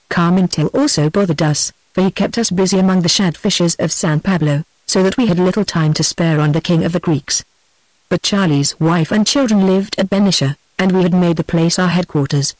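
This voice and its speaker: A text-to-speech woman's voice with a British English accent, reading an adventure novel aloud in an even, steady manner without character voices. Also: lowish voice, no room sound, poor audio. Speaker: audiobook narrator. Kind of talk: scripted narration.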